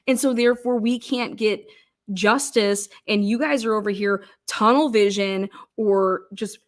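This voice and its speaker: A woman's voice: mid-range voice, steady tone, measured pace. A middle-aged woman telling stories in a casual monologue, profane and exasperated, acting out quoted voices. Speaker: commentator on a criminal case.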